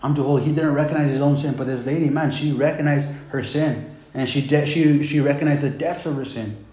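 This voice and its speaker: A man's voice: a little high, fairly even intonation, a little fast, a little mellow. A man preaching a sermon in a casual, conversational way, often saying "man" and "right?" and retelling scripture in plain everyday words. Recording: echoey room with faint background noise.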